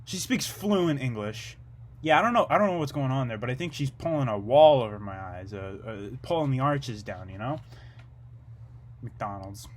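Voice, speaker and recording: A young man delivering a rambling, absurd comedic monologue in a low-key, deadpan way, drifting from one tangent to the next. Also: moderate pace.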